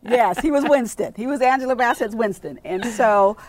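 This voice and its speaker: A woman's voice: a little high, normal speed, darkish tone, dry recording. A woman in her late fifties, an executive guest in an interview, telling her story with animation and acting out the dialogue she quotes. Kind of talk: conversational interview.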